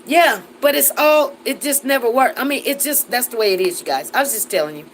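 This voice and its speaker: A woman's voice: a little high, expressive, fairly quick, slight background noise, poor audio. A woman in her forties hosting a casual live chat, reading viewer comments and laughing often as she talks. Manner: chatty and laughing, with Southern Black American vernacular.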